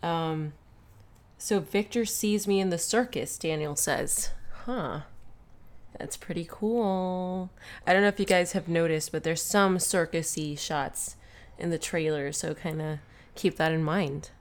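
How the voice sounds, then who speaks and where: A woman's voice: low voice, fairly even intonation, a little slow. A woman co-hosting a fan podcast, chatting in a playful, musing way and searching for words. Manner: playful, musing, hesitant with fillers. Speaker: podcast co-host. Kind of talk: casual fan podcast chat.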